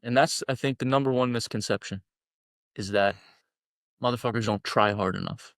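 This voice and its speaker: A man's voice: mid-range voice, normal speed, a bit bright, dry recording, studio quality. A man guest on a podcast, talking bluntly and emphatically, swearing freely as he makes his points. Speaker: guest, men's collective founder. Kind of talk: podcast interview talk.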